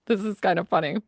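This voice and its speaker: A woman's voice: medium pitch, darkish tone, dry recording, studio quality. A woman giving a medium reading in a chatty, casual way, with lots of fillers and frequent laughs.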